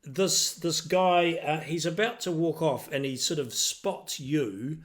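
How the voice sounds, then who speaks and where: A man's voice: fairly high pitch, slow pace, slight background noise. A man narrating a tabletop role-playing game as game master, hesitant, with many ums and restarts.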